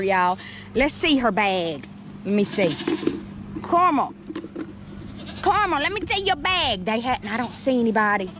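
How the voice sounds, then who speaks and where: A woman's voice: mid-range voice, background noise. A woman, giving a chatty walking vlog around her farm. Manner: chatty, calls out loudly to animals. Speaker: homestead vlogger. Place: outdoors on a farm by goat pens. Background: goats bleating.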